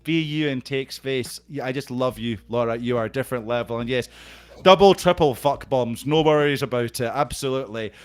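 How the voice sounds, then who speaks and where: A man's voice: medium pitch, fairly quick, smooth. A middle-aged man with a Scottish accent hosting a live stream on a video call. He banters casually and reads out viewer comments, swearing freely.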